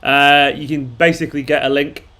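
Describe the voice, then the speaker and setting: With a sharp, fairly high voice and fairly even intonation, this man speaks at a normal speed. He's a fan channel host from Manchester, England, casually rambling through a live watchalong and responding to viewers.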